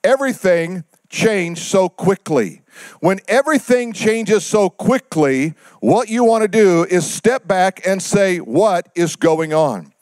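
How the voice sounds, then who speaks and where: A male pastor delivering a sermon, pausing for effect and dropping his voice low for God's words. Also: animated, dry recording. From United States.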